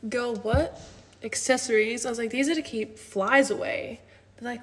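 A woman's voice: on the high side, steady tone, moderate pace, fairly bright tone, reverberant, big-room sound. A woman with an Australian accent telling a sarcastic story straight to camera. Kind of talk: casual talk to camera.

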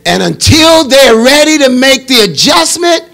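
A man, a bishop, leading a Bible study in a call-and-response preaching style that rises to shouts. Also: extremely high pitch, very animated, measured pace, creaky.

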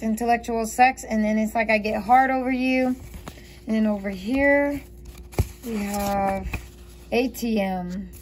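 A woman reading tarot cards aloud, chatty and giggly, thinking aloud as she goes. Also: on the high side. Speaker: tarot reader.

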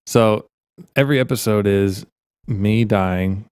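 A man's voice: on the low side, normal speed, vocal fry, a little mellow, no room sound, clean studio sound. A man co-hosting a podcast, chatting casually and making goofy, rambling jokes while playing a game. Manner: goofy, jokey, rambling tangents. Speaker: podcast co-host. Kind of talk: casual gaming chat.

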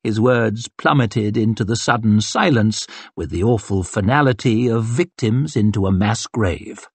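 A man narrating an audiobook in a wry, expressive reading. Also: fairly low pitch, a little slow, hardly any pauses, breathy edge, dry recording. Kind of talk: scripted narration.

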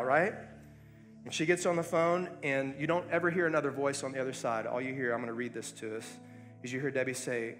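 Man, pastor, conversational sermon delivery with fillers, mid-range voice, soft music underneath. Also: mid-range voice, steady tone, brisk. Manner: earnest, conversational storytelling with frequent fillers.

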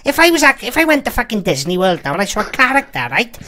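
A woman's voice: a little high, very animated, fast, a crowd in the background. A woman with a Welsh accent trash-talking in online game voice chat with crude, rambling insults.

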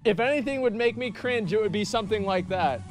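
A man streaming live, reacting to videos in casual, excitable chat and swearing freely. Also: high-pitched, a little fast, dry recording, faint music behind.

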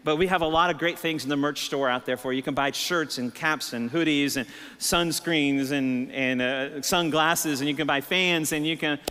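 A middle-aged Texan man, a pastor, preaching a sermon and telling stories, swinging between low, relaxed storytelling and emphatic, raised peaks. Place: church sanctuary. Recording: reverberant church hall.

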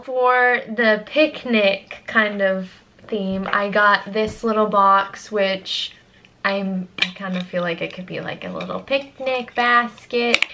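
A woman's voice: mid-range voice, a bit bright, low-quality recording. A young woman vlogging casually about her art shop, bubbly and rambling, gushing and giggling with many fillers. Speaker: artist and small business vlogger. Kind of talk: casual vlog narration.

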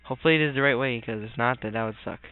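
A let's player gives goofy, rambling commentary on a video game, muttering complaints as he plays. His mid-range voice races along, clear and resonant. The recording is tinny and lo-fi, with faint game music behind him.

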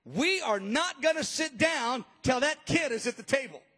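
A man's voice: extremely high pitch, animated, moderate pace, bright, forceful tone, full character voice. A man voicing the old prophet Samuel in a sermon, speaking in an emphatic, urgent way. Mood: firm. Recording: long reverb of a large hall.

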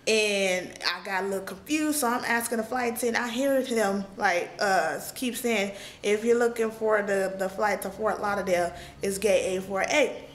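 A woman's voice: medium pitch, normal speed, few pauses, a little hiss or hum. A young woman vlogger telling a story in casual chat, tearful and laughing through it, still crying as she talks.

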